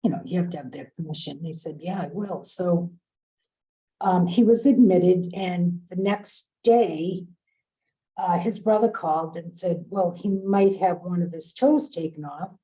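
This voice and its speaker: On a video call with poor audio, a woman with a fairly low, warm voice speaks a little slowly. She's a program staff member in a training session, earnestly recounting a story from her work and quoting the people involved.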